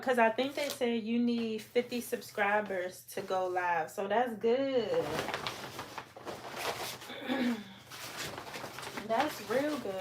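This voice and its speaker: A hoarse woman, talking bluntly and at length while hosting a casual livestream and answering her chat. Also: on the high side, slow pace, long pauses, slight background noise. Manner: talkative, blunt, talks back to chat. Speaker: livestream host.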